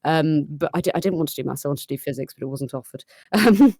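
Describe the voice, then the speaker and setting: A woman's voice: sits low, fairly even intonation, fast talker, dark tone, no echo, studio quality. A young woman chatting casually and jokily as a guest, with frequent restarts. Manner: chatty, jokey, with restarts and laughs. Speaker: guest audio maker. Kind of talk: casual chat on a live stream.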